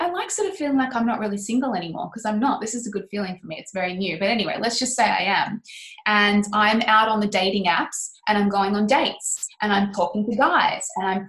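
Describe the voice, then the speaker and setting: A woman's voice: medium pitch, a bit bright, roomy sound. A woman co-hosting a casual podcast, talking about business and mindset in an impassioned, emphatic and candid way, with the odd swear word.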